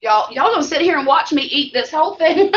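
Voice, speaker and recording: This vlog host is a middle-aged woman from the Mississippi Gulf Coast whose Southern accent comes through in a high, lively, brisk voice. Eating as she goes, she talks with her live stream viewers in a chatty, homey way. The audio is dull and lo-fi.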